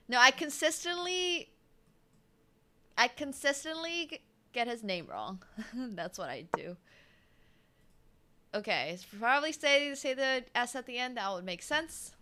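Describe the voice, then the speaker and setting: Bright-voiced young woman streamer. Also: a little high, big pitch swings, unhurried, pauses often. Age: 20s. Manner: chatty, hums and laughs between remarks. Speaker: chess streamer. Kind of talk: casual live-stream commentary.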